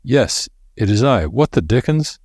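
A man voicing a stern, steady scientist who talks firmly, in a read-aloud story. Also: medium pitch, measured pace, breathy edge, no echo, studio quality, pitched above the performer's own voice, heavily acted. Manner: stern, firm.

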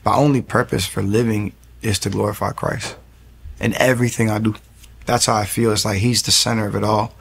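Here a young pastor in his thirties, the interview guest, earnestly tells the story of his faith and keeps restarting his sentences. His pitch is fairly low and his voice husky and creaky, with flat delivery at a slightly fast pace.

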